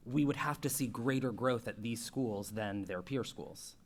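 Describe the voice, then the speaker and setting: A man's voice: mid-range voice, measured pace. A man on a school committee asking questions at a public meeting, speaking casually and hedging often. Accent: Boston.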